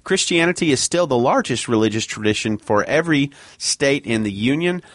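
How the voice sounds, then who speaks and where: A man's voice: medium pitch, expressive, brisk, a bit bright, no room sound. Male podcast co-host, teasing, explains topics, dry studio sound. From Alabama. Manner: bantering, reads quotes aloud. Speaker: podcast co-host, segment presenter. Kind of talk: casual chat.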